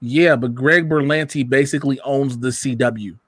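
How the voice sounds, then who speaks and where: A young adult man hosting a casual podcast chat, animated and profane, breaking into shouted mocking quotes. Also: medium pitch, moderate pace, breathy edge, no echo, studio quality. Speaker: podcast host.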